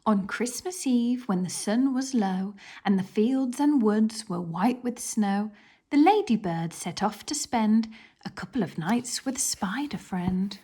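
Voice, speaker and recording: A woman reading a children's picture book aloud in an expressive voice, dropping to a whisper for some passages. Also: medium pitch, measured pace, breathy edge. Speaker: children's story reader.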